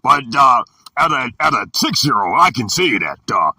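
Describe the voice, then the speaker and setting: A man in his fifties telling a story in an emphatic, preachy way, sometimes shouting, with a gravelly, raspy voice. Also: mid-range voice, sing-song, moderate pace, no room sound. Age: 50s. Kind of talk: storytelling talk. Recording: dry and distant from the mic.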